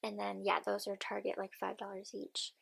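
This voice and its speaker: A woman's voice: medium pitch, completely flat delivery, moderate pace, vocal fry, breathy edge. A young woman chatting casually in a vlog from home early in the morning. She rambles with lots of filler words, has a groggy morning voice, and sniffles. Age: young adult. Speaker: vlogger.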